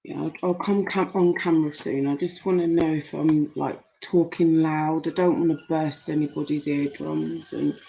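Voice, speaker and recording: A grieving, tearful woman chatting with viewers on a live stream from home, halting with many pauses and fillers, on a laptop mic. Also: low voice, fairly even intonation, vocal fry, dark tone, a little hiss or hum, low-quality recording.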